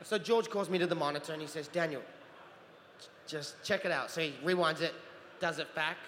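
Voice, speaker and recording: Animated man telling stories in a hall. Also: fairly high pitch, brisk. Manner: animated storyteller, acts out voices, laughs often. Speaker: convention panel guest, actor. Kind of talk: storytelling Q&A on stage. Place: convention hall stage. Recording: roomy hall reverb with faint crowd noise.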